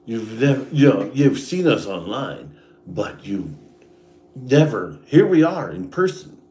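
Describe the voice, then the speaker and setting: A man's voice: medium pitch, very animated, takes it slowly, dark tone. A man in a bitter, profane rant, talking straight at someone who is not there. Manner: profane, bitter, speaks straight at an absent person. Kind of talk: angry personal rant. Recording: echoey room.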